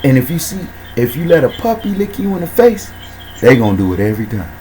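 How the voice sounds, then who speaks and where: A man hosting a casual talk show, speaking in slang and shouting out viewers by name. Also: mid-range voice, sing-song, fast talker, slight background noise, poor audio. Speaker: host.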